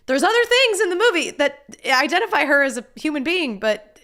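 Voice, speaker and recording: A woman's voice: high voice, big pitch swings, brisk, pushed and bright. A woman streaming a casual reaction, blunt and exasperated, swearing and laughing between points. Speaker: streamer reacting to a news video.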